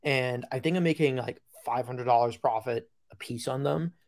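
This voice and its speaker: A man's voice: medium pitch, normal speed, a little mellow. A man co-hosting a podcast, telling a joking story in casual chat with plenty of fillers. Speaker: podcast co-host.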